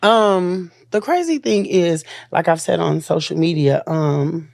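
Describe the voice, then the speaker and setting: A woman's voice: fairly low pitch, measured pace, creaky, a little mellow, no echo. A woman in an interview telling of a painful experience, emotional and searching, often repeating herself. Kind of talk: interview recounting a personal ordeal.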